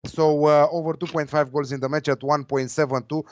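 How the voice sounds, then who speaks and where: A man's voice: on the high side, level tone, a little fast, dry recording. A man giving football betting tips in casual chat, hesitant with many fillers. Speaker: betting tipster. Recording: dull lo-fi dry sound.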